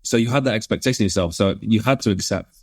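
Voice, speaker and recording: A male interviewer with a fairly low voice asks long, meandering questions, often restarting mid-sentence. The recording is dry and close, with no room sound. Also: fast talker, husky, no echo. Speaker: podcast interviewer.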